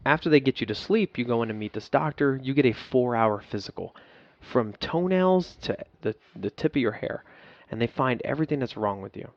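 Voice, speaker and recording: A man's voice: mid-range voice, expressive, fairly quick, hardly any pauses, no echo, muffled recording. A man telling an emotional, profane story as a podcast guest, laughing at himself. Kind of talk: candid storytelling.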